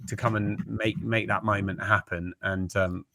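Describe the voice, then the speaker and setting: A man co-hosting a casual rugby podcast, speaking easily and letting his sentences trail off softly. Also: lowish voice, flat delivery, normal speed. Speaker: podcast co-host.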